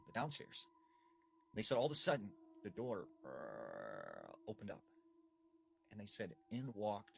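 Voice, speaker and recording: Give me a low-pitched man narrating a campfire horror legend with dramatic pauses, faint room hum behind. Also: creaky. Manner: dramatic, draws out suspense, frequent fillers. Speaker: storyteller. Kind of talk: spooky storytime narration.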